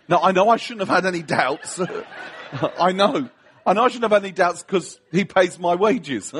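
Husky high-voiced British preacher. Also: male voice. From Britain. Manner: animated, self-mocking storyteller with comic asides. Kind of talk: humorous sermon storytelling.

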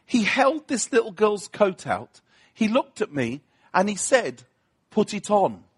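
A British man preaching a humorous sermon, telling a story with self-mocking asides in an animated way. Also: high-pitched, a little slow, breathy edge. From Britain.

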